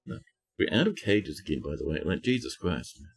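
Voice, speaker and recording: A man's voice: sits low, sing-song, fairly quick, husky. A man giving chatty live-stream commentary as he plays a game, talking to his chat and scolding the characters on screen. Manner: chatty, talks to chat while playing.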